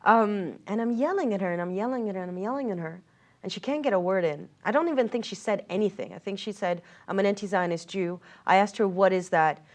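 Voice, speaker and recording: Woman, from Israel, interview guest, earnest, reflective, halting restarts, mid-range pitch. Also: animated, a little mellow. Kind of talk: candid personal storytelling in a sit-down interview.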